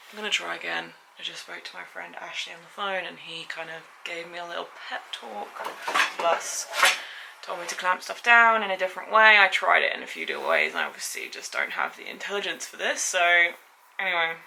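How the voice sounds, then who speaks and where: A woman's voice: fairly low pitch, lively intonation, a little fast, creaky, noisy background. A young woman talking casually to camera in a van-build vlog, chatty and self-critical, sometimes dropping to a near-whisper. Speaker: van life vlogger. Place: garage and driveway while building.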